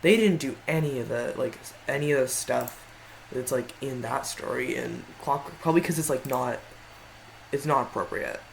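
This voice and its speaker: A man's voice: mid-range voice, moderate pace, creaky, a little hiss or hum, low-quality recording. A man giving casual tier-list commentary in a rambling way, often stopping to correct himself. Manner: rambling, frequent self-corrections. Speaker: video creator.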